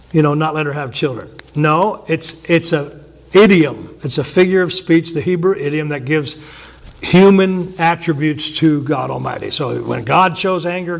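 A man preaches a relaxed, folksy sermon from the pulpit. His voice sits a little high for a man. He drops into quick voices for the people in the stories and then goes straight back to his own. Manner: casual and folksy, acts out biblical characters in quick voices. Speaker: pastor.

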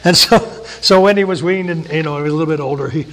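A man preaching a sermon in a casual, folksy way, acting out the people in the Bible stories with quick voices. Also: on the high side, fairly bright tone. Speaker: pastor.

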